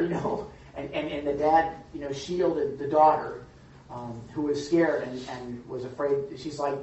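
A man leading an informal Bible study, teaching in a rambling, halting way with many restarts and fillers. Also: a little high, fairly even intonation, a little mellow. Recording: distant, echoey, lo-fi room recording.

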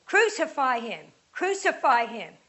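A woman's voice: sits high, big pitch swings, moderate pace. A woman voicing a demanding crowd of male priests in a scripture reading, raising her voice insistently. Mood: angry. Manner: raised, insistent shouting.

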